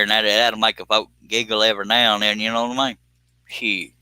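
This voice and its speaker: A man's voice: lowish voice, little pitch movement, a little fast, bright, forceful tone, clear, resonant tone, dry recording. A man with a Southern US accent chatting casually to viewers on a phone live stream, rambling and self-deprecating with frequent chuckles.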